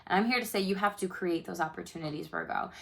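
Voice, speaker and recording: A woman's voice: on the low side, fast, fairly bright tone. A woman doing a casual tarot reading, chatty and loose, full of fillers and the odd swear word. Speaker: tarot reader.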